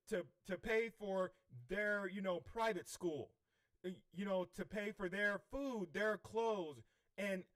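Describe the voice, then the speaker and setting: A man with a high, slightly bright voice coaches viewers on spiritual healing during a livestream. He comes across as preachy, repeatedly asking "okay?" to check in.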